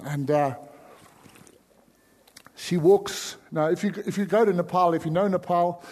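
South African preacher in a ringing hall. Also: male voice, high voice, unhurried. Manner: swings from hushed pleading to sudden loud cries. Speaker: pastor. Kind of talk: sermon.

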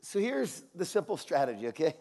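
A man delivers a sermon in a fairly high voice, spinning a personal story with lively acted-out dialogue. He laughs readily and drops to a hushed, earnest tone when the story turns serious. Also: brisk, vocal fry, some chatter behind. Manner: animated, acts out voices in his anecdotes, laughs often; drops to a quiet, low, intimate tone for serious parts. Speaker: preacher.

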